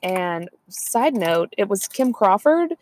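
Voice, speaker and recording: A woman's voice: medium pitch, sing-song, takes it slowly, slight background noise. A woman, chatting casually and rambling on a podcast, laughing often. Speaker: podcast co-host. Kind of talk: casual chat.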